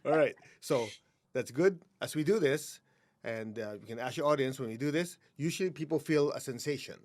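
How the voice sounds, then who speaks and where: A man who teaches energy healing, a podcast guest, calmly guiding listeners through a breathing exercise and laughing often. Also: medium pitch, moderate pace. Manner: calm, instructive, laughs often.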